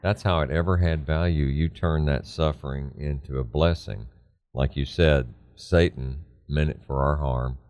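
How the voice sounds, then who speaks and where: Very deep-voiced man talking faith. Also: unhurried, a little mellow. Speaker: Christian talk show co-host. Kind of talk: conversational faith talk.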